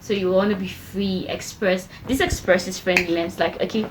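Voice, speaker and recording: A woman's voice: fairly low pitch, fairly even intonation, normal speed, noisy background. A young woman giving self-improvement tips to camera in a chatty way, acting out little quoted exchanges. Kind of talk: casual talk-to-camera advice.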